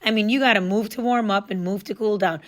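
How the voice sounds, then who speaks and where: Woman reading a kids' novel aloud, easygoing and lively. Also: medium pitch, fast talker. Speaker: audiobook narrator. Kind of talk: first-person story narration.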